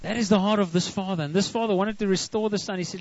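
A man's voice: high voice, steady tone, quick pace, hardly any pauses, dry recording. A South African man preaching a sermon as pastor, counting off his points and dropping into homely family stories. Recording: dull lo-fi recording.

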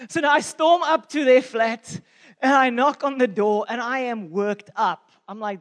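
A man in his forties from South Africa, preaching a sermon and telling a story about himself with animated, self-mocking energy. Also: extremely high pitch, normal speed. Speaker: pastor. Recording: long reverb of a hall.

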